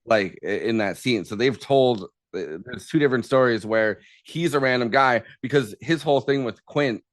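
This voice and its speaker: A man co-hosting a podcast in a casual movie chat, animated as he retells scenes. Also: mid-range voice, moderate pace, no echo. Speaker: podcast co-host.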